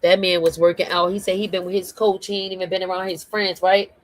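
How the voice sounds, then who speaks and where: A woman co-hosting a livestreamed podcast, slangy and expressive, often laughing. Her voice sits fairly low for a woman and sounds dry and close, with no room echo. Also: quick pace. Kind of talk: casual chat.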